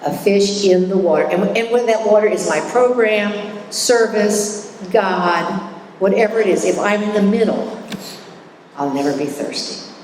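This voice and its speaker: A woman's voice: mid-range voice, a little slow, darkish tone, recorded from a distance, slight background noise. A middle-aged woman speaking at a recovery meeting, candid and self-mocking, chatty with frequent restarts. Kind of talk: personal recovery talk. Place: meeting hall. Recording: echoey hall recording from afar.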